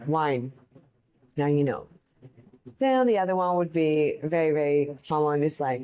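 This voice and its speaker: Low, mellow-voiced woman telling stories. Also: lively intonation, a little slow, long pauses, low-quality recording. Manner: rambling, chatty, laughs at her own stories. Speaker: podcast host and bartender. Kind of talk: casual storytelling monologue.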